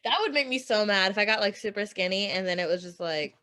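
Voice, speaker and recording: A woman chatting casually on a podcast, laughing often and chiming in with quick agreeing asides. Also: mid-range voice, expressive, sharp tone, no echo, clean studio sound. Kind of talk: casual chat. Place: podcast recording.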